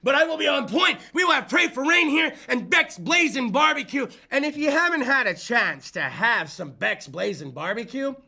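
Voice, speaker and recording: Gravelly, pushed, and bright, this man's voice has lively intonation and runs at a normal speed with hardly any pauses. He hosts a small-studio call-in talk show, rambling in hyped, profane banter and sliding into goofy low voices.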